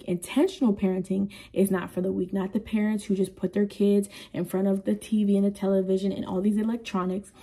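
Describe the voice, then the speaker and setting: Husky, mellow-voiced woman, earnest and rambling vlogger talking to camera. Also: mid-range voice. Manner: earnest, rambling, with frequent "you know" asides. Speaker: parenting vlogger. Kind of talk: candid personal talk to camera.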